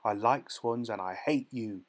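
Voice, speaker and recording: A man's voice: medium pitch, a little slow, natural voice. A man reading a small, defiant bullied boy. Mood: earnest, defiant. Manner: earnest, pleading then defiant.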